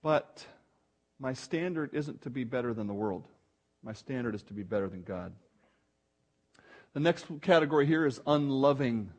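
A man's voice: medium pitch, expressive, moderate pace, long pauses. A middle-aged male pastor preaching a sermon in an earnest, emphatic way, often restarting his phrases.

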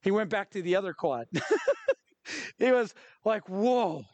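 A middle-aged man, a pastor, preaching a sermon with lively acted-out quotes and stories. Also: sits high, takes it slowly, no room sound, highs cut off.

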